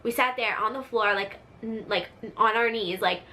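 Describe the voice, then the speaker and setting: A woman hosting her own storytime vlog, chatty and animated, full of filler words. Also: a little high, normal speed, a little hiss or hum. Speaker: vlogger, channel host. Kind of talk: casual storytime monologue.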